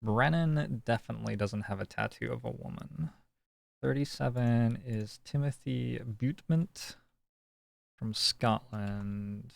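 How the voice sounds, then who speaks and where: Slow and creaky, a man's medium-pitched voice narrates his puzzle-game stream as he reasons through it aloud. It's casual, reflective let's-play commentary recorded with no room sound.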